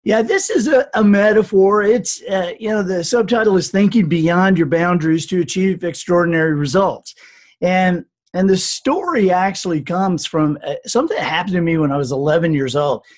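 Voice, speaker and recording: Casting: older male author, husky, unhurried storyteller in an interview. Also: high voice. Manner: earnest, reflective storyteller. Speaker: author and speaker.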